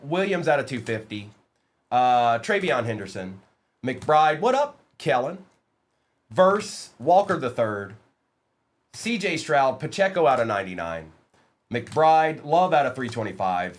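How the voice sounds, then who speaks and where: A man hosting a live-streamed trading card break, chatting with viewers by name and reading out lists of players. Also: medium pitch. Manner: talks to chat viewers by name, reads lists of names quickly. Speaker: livestream card break host. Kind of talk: casual live-stream chat.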